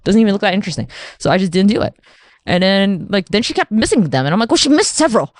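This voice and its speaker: A woman hosting a solo podcast, talking in a rambling, profane, animated way and acting out the voices she quotes. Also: mid-range voice, fast talker, dry recording, studio quality. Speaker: podcast host. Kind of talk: casual solo podcast monologue.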